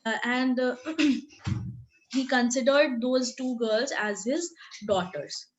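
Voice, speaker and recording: A woman's voice: high voice, slow pace, rough recording. A woman teacher explaining a short story in a recorded lesson, talking hesitantly with many fillers and restarts and often asking "right?". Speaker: literature teacher.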